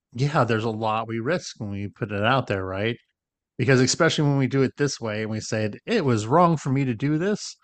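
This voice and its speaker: A man's voice: mid-range voice, clear, resonant tone, no echo. A man co-hosting a podcast, explaining ideas in casual conversation and often checking in with "right?". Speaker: podcast co-host.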